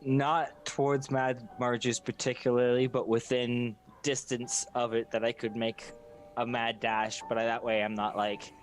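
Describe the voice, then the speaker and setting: A man's voice: medium pitch, little pitch movement, measured pace, soft background music. Easygoing man playing a tabletop game. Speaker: player.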